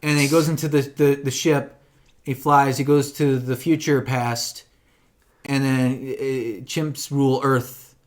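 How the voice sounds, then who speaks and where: A man co-hosting a podcast, retelling a film plot in casual chat, acting out the characters in quick voices and swearing freely. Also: medium pitch, flat delivery. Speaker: podcast co-host.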